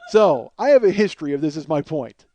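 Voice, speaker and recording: Animated, high-voiced man telling a story. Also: a little fast. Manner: animated, profane, laughs at his own story. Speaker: podcast host. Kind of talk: comic storytelling monologue.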